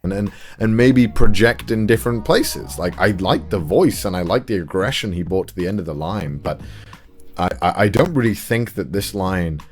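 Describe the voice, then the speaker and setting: A man's voice: low-pitched, expressive, normal speed, darkish tone, faint music behind. A man giving casual, analytical commentary on voice acting clips.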